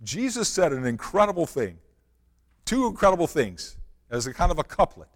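A man's voice: on the high side, very animated, moderate pace, big-room sound. A man preaching a sermon, reading scripture and asking the congregation earnest rhetorical questions. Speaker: pastor.

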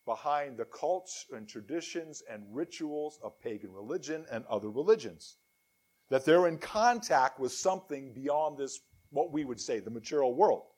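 A man's voice: fairly high pitch, darkish tone. Emphatic preacher man reading scripture. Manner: emphatic, reads scripture aloud with rising force.

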